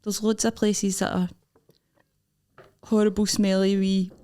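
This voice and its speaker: A woman's voice: mid-range voice, level tone, a little slow, warm tone. A young Scottish woman co-hosting a comedy podcast, chatting casually and throwing out questions. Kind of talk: casual chat.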